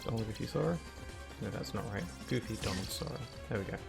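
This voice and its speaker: A man's voice: on the low side, animated, fast talker, vocal fry, music in the background. A young man casually commenting while he plays a game, rambling and often restarting his sentences. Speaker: streamer.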